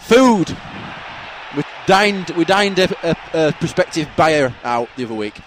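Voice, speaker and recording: A man's voice: fairly high pitch, a little hiss or hum. A man co-hosting a podcast, bantering and teasing his friend. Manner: quick, lively banter, teasing. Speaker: podcast co-host. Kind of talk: casual chat.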